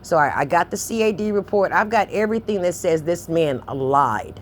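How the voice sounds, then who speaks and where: A woman with a lowish voice pushes her complaint over the phone, insistent and emotional, circling back to the same points again and again. A faint hiss sits under her voice. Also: lively intonation, normal speed. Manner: insistent, emotional, repeats herself. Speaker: claimant on a phone call.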